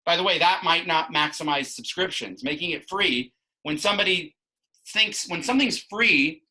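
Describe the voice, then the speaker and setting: A man's voice: on the high side, expressive, moderate pace, bright, forceful tone, rough recording. A man teaching a math class, explaining ideas with frequent restarts and asides. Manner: explanatory, rambling with many restarts. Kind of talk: classroom instruction.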